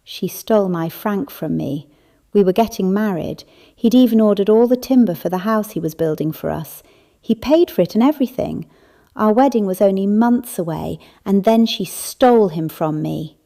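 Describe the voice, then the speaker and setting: A woman's voice: medium pitch, lively intonation, moderate pace, gravelly, dark tone. A woman voicing a blunt, tough elderly woman raised on a sheep farm, speaking in a brusque, scolding manner in an audiobook. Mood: aggrieved. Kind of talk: audiobook character voice.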